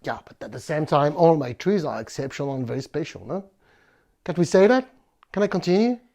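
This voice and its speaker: A man from France with a French accent, hosting a bonsai video in a playful, halting way with many fillers. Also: fairly high pitch, lively intonation, creaky, darkish tone. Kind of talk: casual presentation.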